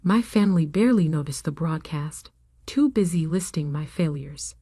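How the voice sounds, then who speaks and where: A woman reading a first-person story as scripted narration, in a measured, even way. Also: low-pitched, slightly rough, dry recording, clean studio sound.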